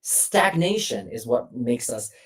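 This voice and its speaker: A woman voice coach, sitting back from her mic on a remote call, so she sounds a little distant. Her voice sits low, yet her inflection moves up and down a lot as she explains. She pauses often with "uh" and "um" while working through her points. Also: sing-song. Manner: explains with many hesitations and fillers. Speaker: voice coach, guest. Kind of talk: instructive interview answers.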